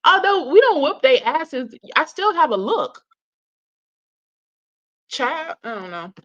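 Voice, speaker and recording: A woman's voice: high-pitched, big pitch swings, takes it slowly, long pauses. Chatty woman, reaction host, lo-fi sound. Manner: chatty, slangy, laughs often, addresses viewers as y'all. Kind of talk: casual reaction commentary. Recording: dull lo-fi audio.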